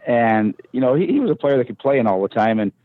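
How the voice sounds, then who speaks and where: A man's voice: medium pitch, expressive, fast, no echo. Man telling stories over a tinny line. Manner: rambling, with many restarts. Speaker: podcast guest, former hockey enforcer. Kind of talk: casual storytelling. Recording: tinny phone-like line, dry.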